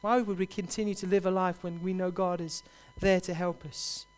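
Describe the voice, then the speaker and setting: A man preaching a sermon, building to loud, impassioned repeated cries. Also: sits high, level tone, moderate pace.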